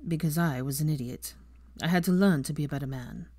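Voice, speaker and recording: A woman voicing a grown man, a gentle wizard, in a lowered, hushed, tender voice. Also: fairly quick, no room sound, clean studio sound.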